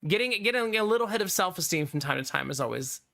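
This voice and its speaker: Guy streaming and chatting w chat, gruff sick voice, bright and kinda high, laughs a lot, dry close sound. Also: expressive, fast talker, no room sound. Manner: laughs often, chatty and teasing. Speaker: livestreamer. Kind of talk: casual chat with viewers.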